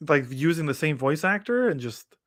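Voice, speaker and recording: A man's voice: on the high side, big pitch swings, normal speed, a bit bright, dry recording, clean studio sound. Eager man chatting on a podcast. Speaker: podcast co-host. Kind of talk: casual podcast chat.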